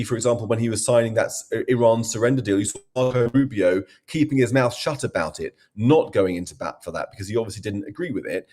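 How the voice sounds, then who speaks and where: A man speaking as a political commentator on a talk show, fluent and measured, explaining his points. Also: mid-range voice, darkish tone.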